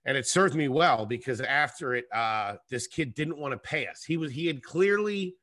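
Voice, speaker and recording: A man, a comedian guest, telling a rambling, profane story in a casual, animated way. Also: medium pitch, normal speed, no room sound, clean studio sound. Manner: profane, animated, acts out scenes.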